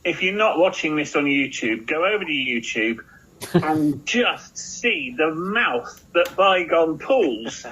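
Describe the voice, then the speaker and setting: A man's voice: fairly high pitch, lively intonation, slow, sharp tone, slightly rough, poor audio. A man co-hosting a podcast, chatting casually with enthusiastic asides. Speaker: podcast co-host. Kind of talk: casual chat.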